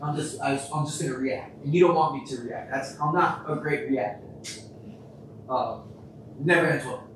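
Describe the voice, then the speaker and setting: A man in his thirties co-hosting a podcast, telling personal stories in a blunt, profane, animated way. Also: mid-range voice, normal speed. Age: 30s. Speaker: podcast co-host. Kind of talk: candid casual conversation. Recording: echoey room, mic at a distance, noisy.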